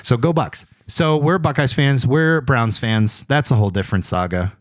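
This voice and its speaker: A man's voice: mid-range voice, normal speed, dry recording, studio quality. A man in his forties from Ohio, hosting a podcast and telling stories in casual chat, laughing often. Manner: animated storyteller, laughs often. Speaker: podcast host. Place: podcast studio.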